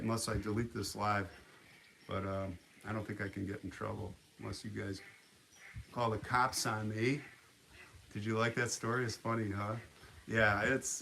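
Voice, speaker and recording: A man hosting a livestream, telling a story in a casual, animated way with frequent restarts. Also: on the low side, a little hiss or hum. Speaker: livestream host.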